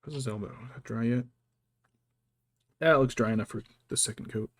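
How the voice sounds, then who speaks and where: While painting miniatures, a man chats casually in a brisk, medium-pitched voice. He thinks aloud and mutters to himself, with no room sound in the recording.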